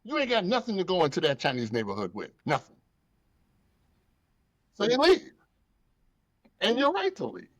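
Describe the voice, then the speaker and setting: The recording is dull-sounding with no room sound, capturing a man's high voice at normal speed with long pauses. He hosts a casual podcast, telling lively, feeling-filled stories, acting out those involved and swearing freely.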